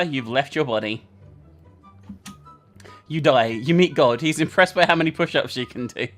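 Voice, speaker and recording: A relaxed gamer chats and reads on-screen narration with dry comic timing, swearing now and then. The voice sits at a middle pitch, with faint music underneath. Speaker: video game player. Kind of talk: casual gaming chat and reading game text aloud.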